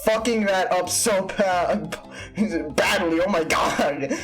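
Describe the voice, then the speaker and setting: A let's-play host talking casually and crudely over gameplay, self-mocking and quick to laugh. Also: mid-range voice, faint music behind. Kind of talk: gaming commentary.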